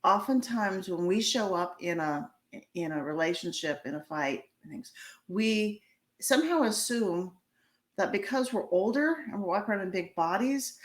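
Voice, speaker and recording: A woman teaches couples how to handle a fight in a relaxed, coaching way. Her voice sits at an ordinary middle pitch, and she often pauses to restart a word before going on. The recording has a noticeable room echo. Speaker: couples therapist teaching a course. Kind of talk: casual spoken lesson. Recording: echoey room.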